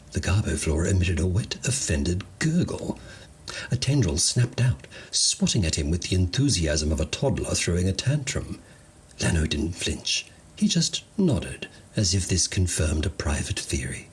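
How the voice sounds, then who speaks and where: A man narrates a comedic sci-fi tale in a low voice with a lively, wandering intonation. His delivery is wry and playful, like a storyteller relishing each line. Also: normal speed, slightly rough.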